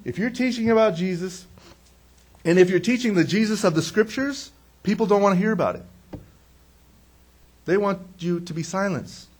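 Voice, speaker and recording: A man's voice: high-pitched, normal speed, pauses often, husky. A man preaching a sermon in a conversational way, asking questions and answering them himself, and acting out quotes. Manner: animated, acts out quotes. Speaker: pastor.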